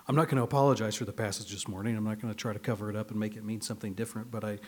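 A man preaching a conversational sermon as a pastor, earnest, moving between hushed, slow passages and emphatic, raised ones. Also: lowish voice, fairly even intonation.

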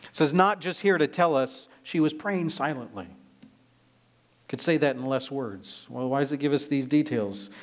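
A man's voice: medium pitch, moderate pace. A man preaching a sermon, explaining a scripture passage verse by verse with emphatic delivery. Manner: expository, emphatic, reads scripture aloud.

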